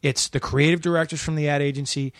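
A man, a comedian guest on a podcast, telling a story in casual chat, profane and animated, acting out other people's voices. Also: on the high side, fast talker, no room sound, clean studio sound. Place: small room.

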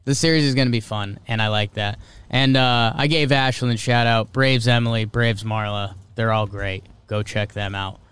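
A young man hosting a casual sports podcast, chatty and opinionated, with quick asides. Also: lowish voice, fairly even intonation, a bit bright, clean tone. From American North. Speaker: podcast host.

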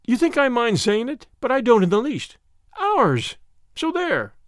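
A playful young woman, teasing and bright, rising high and swooping all over, as a man reads her lines. She sounds like a character in an audiobook read in a dry, close room. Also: wildly swooping pitch, a little slow, dry recording, exaggerated voice. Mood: dreamy.

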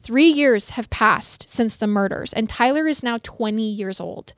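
A podcast co-host narrates a true crime case, earnest and emotionally invested in the victims, at a measured pace. Her voice is a little high, and the recording is dry and close, with no room sound.

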